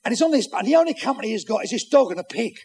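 A man telling bawdy jokes on stage, acting out characters with shouts and sound effects. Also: very high voice, big pitch swings, rapid-fire, breathy edge. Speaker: stand-up comedian. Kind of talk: bawdy stand-up joke telling.

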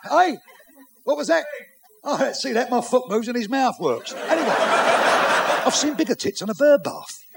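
A man telling bawdy jokes as a stand-up comedian, brash and rapid-fire, laughing through his punchlines. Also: very high-pitched, lively intonation, gravelly. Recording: live club with crowd and noise.

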